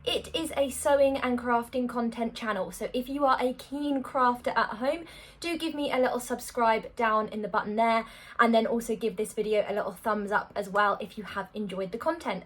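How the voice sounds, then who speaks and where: A woman's voice: fairly high pitch, normal speed, a bit bright. Chatty young-sounding woman vlogger. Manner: chatty, self-deprecating, rambling. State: a little out of breath. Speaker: sewing vlogger. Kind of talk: casual chat to camera.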